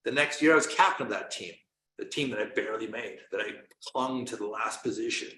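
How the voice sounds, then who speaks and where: A man's voice: lowish voice, a little fast, pushed and bright. A middle-aged man, a coach and former pro hockey player, telling his story in an intense, driving motivational style, swearing now and then. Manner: intense, driving delivery with bursts of emphasis and occasional swearing. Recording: roomy echo.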